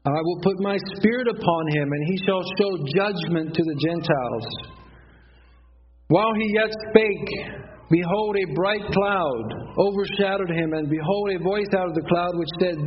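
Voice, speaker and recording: Forties male preacher, earnest repetitive cadence, high voice, slightly dull lo-fi recording. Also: normal speed, slight background noise. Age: 40s. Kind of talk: sermon.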